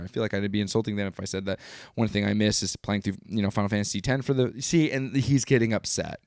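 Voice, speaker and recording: A man in his thirties hosting a live stream, talking casually in a rambling, animated way that often interrupts itself. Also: mid-range voice, no echo, clean studio sound. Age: 30s. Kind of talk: casual livestream monologue.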